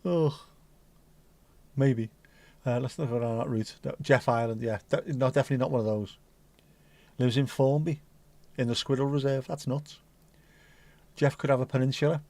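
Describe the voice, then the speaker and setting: A man's voice: mid-range voice, steady tone, a little fast, gravelly, pauses often, a little mellow, dry recording. Cheeky man chatting on a livestream. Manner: playful, cheeky, rambling banter. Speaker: livestream host. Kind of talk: casual livestream chat.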